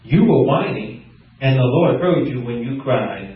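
A man preaching a sermon, reading scripture in a steadier voice and breaking into laughter and animated emphasis between passages. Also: measured pace. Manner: laughs often, animated rises in pitch when stressing points; reads scripture aloud in a lower, steadier voice. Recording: echoey hall, far from mic, dull sound.

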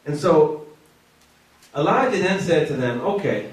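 A man preaching a sermon with animated call-and-response, often laughing as he tells the story. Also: a little high, normal speed. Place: church. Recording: echoey room from far off.

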